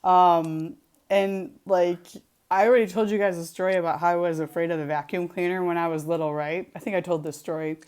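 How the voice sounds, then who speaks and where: A woman hosting a casual craft livestream, talking in a chatty, animated way full of "like.". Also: fairly low pitch, a little fast, clean tone. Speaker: craft show host.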